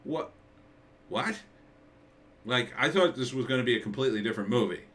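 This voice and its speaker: A man's voice: mid-range voice, lively intonation, fairly quick, fairly bright tone, slight background noise. Rambling, incredulous man ranting at a distance. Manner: rambling and incredulous, heavy on fillers. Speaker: screenwriter reviewing a movie trailer. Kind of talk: casual ranting commentary.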